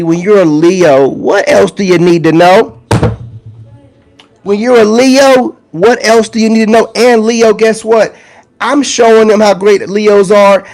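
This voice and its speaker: A man talking casually and directly to his viewers, animated and teasing, with big swings in his voice. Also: high-pitched. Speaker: spiritual content creator. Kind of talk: casual direct-to-camera talk.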